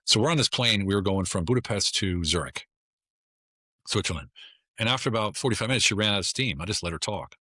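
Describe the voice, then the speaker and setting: A middle-aged man who is a podcast guest, telling stories in a relaxed talk and acting out the dialogue. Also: low-pitched, quick pace, husky, no echo, studio quality. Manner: animated storyteller who acts out dialogue. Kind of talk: casual interview conversation.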